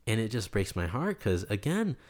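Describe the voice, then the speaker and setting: A young man from New York, a guest in an interview, telling a story in an animated way and acting out the people he quotes. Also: lowish voice, moderate pace. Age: young adult.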